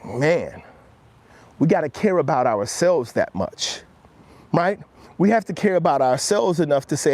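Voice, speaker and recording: Earnest motivational man, lively pitch. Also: unhurried, pauses often. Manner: earnest, coaching, speaks directly to viewers; drops low and quiet when quoting himself. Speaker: motivational live-stream host. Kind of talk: walk-and-talk motivational live stream. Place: outdoors on a walk.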